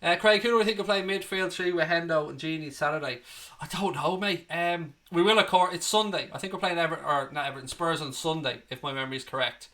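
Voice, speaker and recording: A fan channel host, chatting casually on a live stream. His voice is bright and forward and sits a little high for a man. He reads out viewer messages and answers them with cheeky banter and a bit of swearing. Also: fast talker. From Ireland. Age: 30s. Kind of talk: casual livestream chat.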